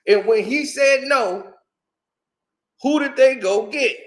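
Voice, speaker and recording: High-voiced, animated storytelling man. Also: takes it slowly, reverberant. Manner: animated, acts out quotes, laughs often. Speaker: host. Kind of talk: casual storytelling commentary.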